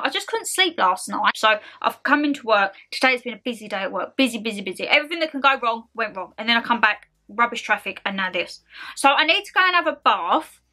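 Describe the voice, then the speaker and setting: A young woman ranting to her vlog camera at home, animated and exasperated, full of slangy asides. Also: on the high side. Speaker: vlogger. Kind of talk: casual ranting chat to camera.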